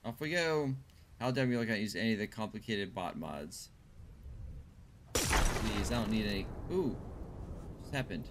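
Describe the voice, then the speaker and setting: A man's voice: fairly low pitch, animated, normal speed, pauses often, noisy background. A man casually commenting while he plays a video game and chats with viewers, thinking aloud as he goes. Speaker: streamer.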